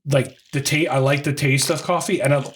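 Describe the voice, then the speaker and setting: A man's voice: mid-range voice, steady tone, fairly quick, slight background noise. Rambling, casual male podcast co-host. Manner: rambling, many restarts and fillers, swears casually. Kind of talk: casual chat.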